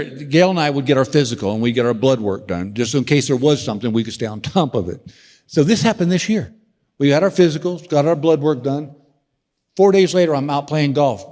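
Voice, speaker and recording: A sixty-something comedian performs stand-up in a large theater, drawling through stories toward exasperated punchlines. His voice sits a little high with a darkish tone, and the reverberant hall carries faint ambience.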